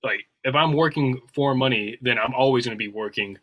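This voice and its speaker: A man with a bright, forceful voice at a middle pitch, co-hosting a casual podcast chat. He speaks earnestly and keeps checking in with a questioning "right?" at the end of his points. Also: brisk, poor audio. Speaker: podcast co-host.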